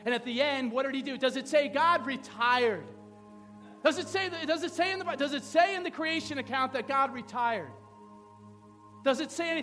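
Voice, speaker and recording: A man with a very high voice preaches a sermon in a casual, joking way, firing off rhetorical questions at the congregation. His voice rings through a large hall with a long reverb tail. Music plays clearly underneath. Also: moderate pace, sharp tone. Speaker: pastor. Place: church sanctuary.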